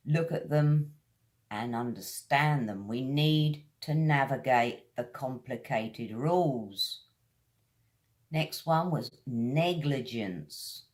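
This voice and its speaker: A British-accented woman teaches English vocabulary, stretching each word out slowly as she drills how it's pronounced. There's a low rumble in the background.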